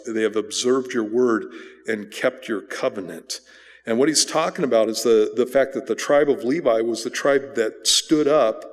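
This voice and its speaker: A man, a pastor, giving a casual, conversational sermon full of restarts and asides. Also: medium pitch. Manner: casual, rambling with restarts and fillers. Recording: church hall with long reverb.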